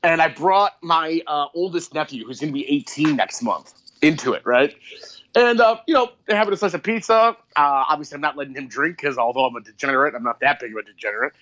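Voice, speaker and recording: Profane, animated man telling stories. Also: on the high side, fast, muffled recording. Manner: profane, animated storytelling with mock voices. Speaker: podcast co-host. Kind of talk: casual chat.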